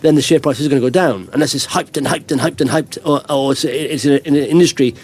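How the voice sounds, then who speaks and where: A man's voice: fairly high pitch, fast, a little mellow, slightly rough. A middle-aged man hosting a podcast, telling rambling anecdotes in casual chat and chuckling often. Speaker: podcast host.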